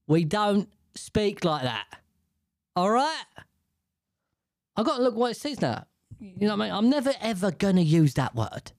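A man's voice: sits high, very animated, moderate pace, long pauses, no room sound, studio quality. A man reading news stories aloud, stumbling over hard words and ranting about them with lots of swearing. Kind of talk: casual reaction commentary.

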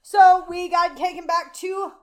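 A woman's voice: very high voice, level tone, a little slow. A woman co-hosting a casual podcast, recapping a show in a sarcastic, swearing chat. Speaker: podcast co-host.

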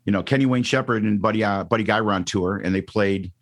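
Male radio DJ, middle-aged, from around Chicago, lowish voice, casual animated interview storytelling, stumbles and restarts. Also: fast. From Chicago area, Northwest Indiana. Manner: animated storyteller, acts out quotes, frequent ums and restarts. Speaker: radio DJ guest.

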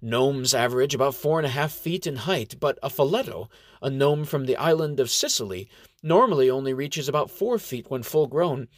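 A man's voice: medium pitch, lively intonation, normal speed, no room sound. Man narrating a story, dry and close.

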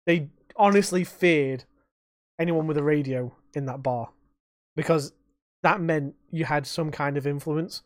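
A young man, hosting a casual podcast chat and telling animated stories that he acts out and laces with swearing. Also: a little high, unhurried, dry recording, clean studio sound. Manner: animated storytelling, swearing, acting out quotes. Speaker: podcast host.

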